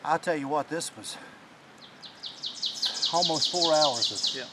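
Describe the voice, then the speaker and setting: Excited rambling hunter, high voice. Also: male voice, slow pace, heavy background noise. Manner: excited, rambling storyteller with many restarts. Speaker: hunting channel host. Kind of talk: casual chat after a hunt. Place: outdoors in the mountain woods.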